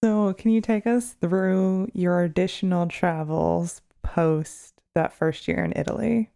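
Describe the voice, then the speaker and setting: Interviewer, woman, low mellow voice, unhurried questions. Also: gravelly, clear, resonant tone.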